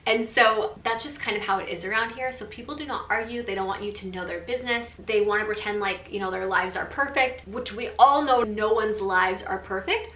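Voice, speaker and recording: Chatty vlogger lady, super candid, bright clear voice in an echoey room. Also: medium pitch, fairly quick, hardly any pauses. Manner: frank and chatty, full of "like" fillers. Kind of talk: storytime chat. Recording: roomy echo.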